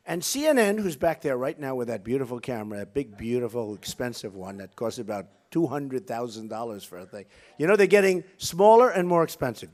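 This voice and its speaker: A man running for office, giving a rambling, boastful, repetitive campaign speech from a rally stage. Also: medium pitch. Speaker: political candidate.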